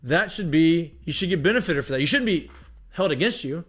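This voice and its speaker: A man with a fairly high voice, talking in a relaxed podcast chat. He tells stories animatedly, leans heavily on "like" and swears freely as he vents about baseball. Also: brisk. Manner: animated storytelling with heavy profanity and filler "like". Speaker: podcast guest, former baseball player. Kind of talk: casual chat.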